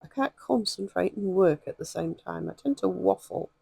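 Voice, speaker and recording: A woman with a hoarse voice, chatting and rambling with many ums as she demonstrates stitching in a craft vlog. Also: fairly low pitch, animated, normal speed, warm tone, no echo. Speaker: craft vlogger.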